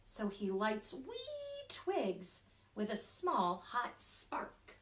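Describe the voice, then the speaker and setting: A woman children's librarian reading a picture book aloud at storytime, animated and expressive, with sound effects and whispered asides. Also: mid-range voice, very slow. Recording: echoey room.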